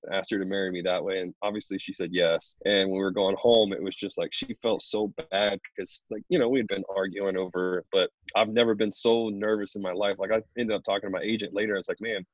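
A man, a pro baseball pitcher, chatting casually in an interview and telling stories loosely with lots of fillers. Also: quick pace, hardly any pauses, no room sound, muffled recording. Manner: relaxed, rambling storyteller with many fillers.

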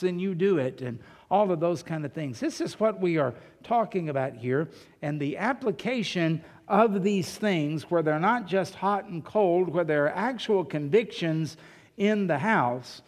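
A man's voice: high voice, expressive, a little slow. A male pastor preaching a sermon in a church, talking conversationally, asking rhetorical questions and telling humorous anecdotes. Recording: long reverb of a large hall.

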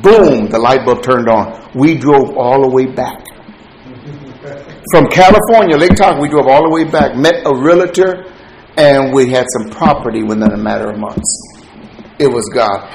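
A man preaching a sermon, telling stories with lively swings from quiet asides to loud, excited punchlines. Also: mid-range voice, roomy sound, slight background noise, poor audio.

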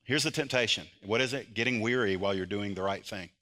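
A man preaching a sermon as pastor, moving between loud, impassioned emphasis and quiet, earnest intensity. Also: on the low side, fast talker.

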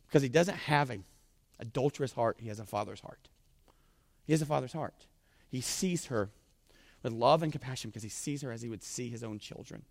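A man preaching a sermon as pastor, animated and acting out scripture scenes in different voices. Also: mid-range voice, no room sound.

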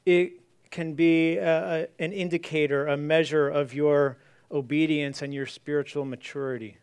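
Earnest male preacher, smooth voice. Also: a little high, fairly even intonation, normal speed, darkish tone. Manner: earnest, reads scripture aloud then repeats it. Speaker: pastor. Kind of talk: sermon.

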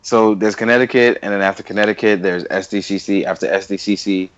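A man's voice: lowish voice, fairly even intonation, fast talker, clear, resonant tone, highs cut off. A young man co-hosting a casual podcast chat, loose and slangy, laughing often. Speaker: podcast co-host.

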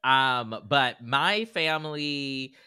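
A man talking as a podcast guest with a smooth, resonant voice that sounds bright and crisp. He explains things in a measured way and laughs easily. The sound is close and dry. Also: mid-range voice, dry recording. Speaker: co-author guest. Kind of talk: casual podcast conversation.

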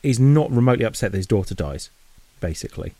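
A man's voice: on the low side, lively intonation, fast talker, warm tone, no room sound. A man, co-hosting a casual film review chat in a chatty way, with many restarts and fillers. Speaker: podcast co-host.

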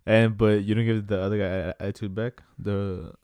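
Man, casual chat, low voice, laid-back hesitant replies, dry close sound. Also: fairly even intonation, a little fast, darkish tone, clean tone, no echo. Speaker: friend in conversation.

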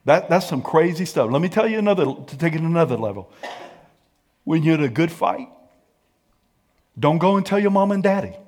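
Husky-voiced energetic preacher man. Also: on the high side, brisk, pauses often. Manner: energetic, colloquial, calls for audience response. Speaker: pastor. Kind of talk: sermon.

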